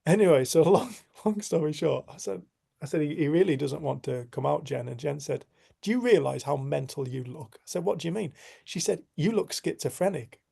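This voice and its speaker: Middle-aged man, gravelly low-key tone, animated storyteller in a casual group chat. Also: fairly quick. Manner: animated, acts out quotes, laughs often. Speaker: group facilitator.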